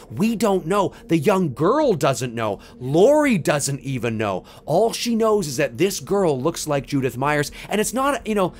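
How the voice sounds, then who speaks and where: Brief: casual rambling man pitching a story, high voice, faint background noise. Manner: rambling, many restarts and "right?" tags. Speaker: fan pitching a film sequel idea. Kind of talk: casual verbal walk-through.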